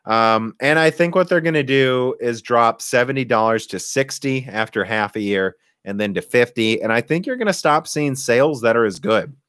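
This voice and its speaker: A man's voice: medium pitch, lively intonation, normal speed, few pauses, fairly bright tone, clear, resonant tone, dry recording. A young man hosting a casual live stream about tech hardware, talking in a rambling, chatty way and laughing easily. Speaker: tech podcast host.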